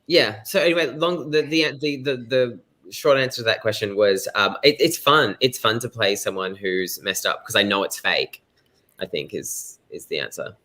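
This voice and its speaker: Male actor, forward bright tone, loose self-deprecating chat. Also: lowish voice, normal speed. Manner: rambling, self-deprecating, laughs often. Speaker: actor guest. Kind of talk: casual chat on a video call.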